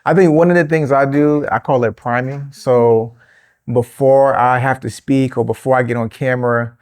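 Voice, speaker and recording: A man hosting a casual interview, talking in a relaxed, slangy way. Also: mid-range voice, moderate pace. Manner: relaxed, slangy, many "you know" fillers. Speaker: host.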